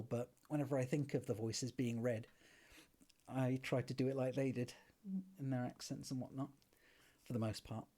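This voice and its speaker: Breathy man reading softly. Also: medium pitch. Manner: relaxed and friendly. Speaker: streamer reading a novel aloud. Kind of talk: soft ASMR reading.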